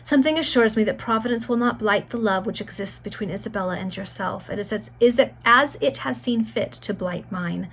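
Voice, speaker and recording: A woman's voice: mid-range voice, a little fast, few pauses, a bit bright, slight background noise, natural voice. A frail young maiden on her deathbed speaks with earnest, rising fervour, read by a woman. Her lines come in a plain storybook reading voice, tender and prophetic. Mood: fervent.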